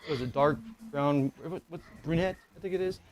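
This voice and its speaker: A middle-aged man with a slightly high voice and moderate pace co-hosts a casual podcast. He shares a personal ghost story in a meandering, profane way, full of fillers.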